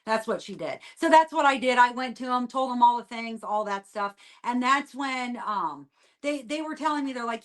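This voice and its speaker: A woman guest on a podcast giving a rambling personal testimony, repeating herself and trailing off quietly at the ends of lines. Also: a little high, moderate pace.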